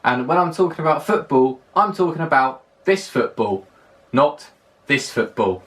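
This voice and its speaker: A man's voice: mid-range voice, expressive, normal speed, a bit bright. Chatty well-spoken London man, slightly distant. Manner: chatty, emphatic, repeats words for stress. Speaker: vlogger. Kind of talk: casual countdown list to camera. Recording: voice a little distant from the mic.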